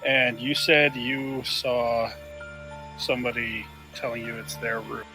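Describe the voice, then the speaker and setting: A man's voice: mid-range voice, little pitch movement, takes it slowly, music in the background, poor audio. A man playing a tabletop game, checking details and giving in-character orders. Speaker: player.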